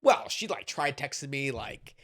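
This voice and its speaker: A young man telling a personal story on a podcast, animated and swearing often. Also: mid-range voice, moderate pace, faint music behind. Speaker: podcast guest. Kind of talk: casual storytelling.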